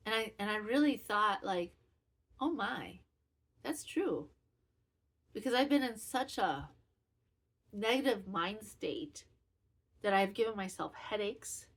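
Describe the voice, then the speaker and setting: A woman's voice: medium pitch, unhurried, a bit bright. A woman in her fifties hosting a knitting podcast, talking candidly and self-critically in a rambling, casual way. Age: 50s. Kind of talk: casual personal chat.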